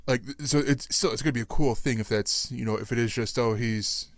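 A man hosting a podcast in casual chat, rambling and chatty and quick to laugh. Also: medium pitch, no echo, studio quality. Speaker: podcast host.

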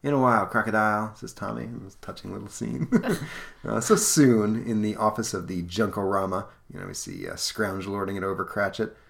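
A man's voice: on the low side, moderate pace, gravelly. Rambling man hosting a comic podcast. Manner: rambling, many fillers. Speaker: podcast host. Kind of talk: casual comic book chat.

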